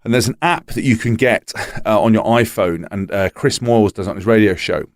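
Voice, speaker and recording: A man's voice: fairly low pitch, a little fast, dry recording, studio quality. A man telling stories in casual podcast chat, swearing freely and acting out quotes. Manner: animated storyteller, swears freely, acts out quotes. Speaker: podcast guest telling anecdotes.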